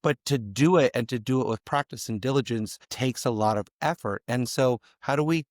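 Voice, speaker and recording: A man guest on a podcast, his voice a little raspy today, speaking in a measured, deliberate way. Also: mid-range voice, dry recording, clean studio sound. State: slightly raspy voice. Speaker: guest, educator. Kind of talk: conversational interview.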